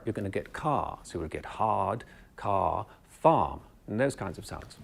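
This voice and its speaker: Gravelly Canadian voice teacher. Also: male voice, medium pitch. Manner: clear, measured teacher explaining and demonstrating speech sounds. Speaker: drama professor teaching voice and dialects. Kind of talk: instructional video lesson.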